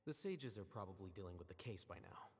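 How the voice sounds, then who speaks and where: An actor playing a calm, reserved male scholar who explains things in a measured, composed way in game audio. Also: sits low, in a large hall, a little hiss or hum.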